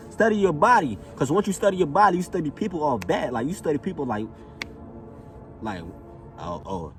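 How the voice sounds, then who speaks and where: A man speaks a little away from the mic, so his voice sounds distant. Faint music plays under his casual, motivational monologue. He repeats his phrases for emphasis. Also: sits high. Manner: repetitive, emphatic, casual slang with frequent "know what I'm saying". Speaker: motivational vlogger.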